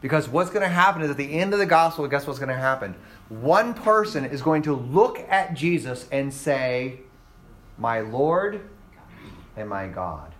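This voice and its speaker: A man's voice: fairly high pitch, lively intonation, normal speed, fairly bright tone. A man teaching a Bible class, quizzing his students with rhetorical questions and acting out quoted exchanges. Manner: acts out voices in quoted exchanges.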